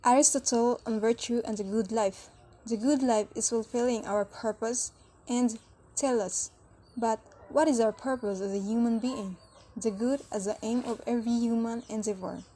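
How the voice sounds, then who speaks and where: A woman's voice: on the high side, steady tone, normal speed, mellow. Woman reading lesson headings aloud. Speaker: student presenter.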